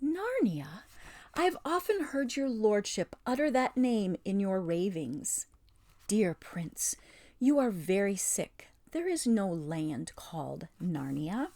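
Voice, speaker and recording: A woman voicing a sweet-voiced witch queen who speaks softly, soothing and half-mocking. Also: medium pitch, sing-song, takes it slowly, no room sound. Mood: coaxing.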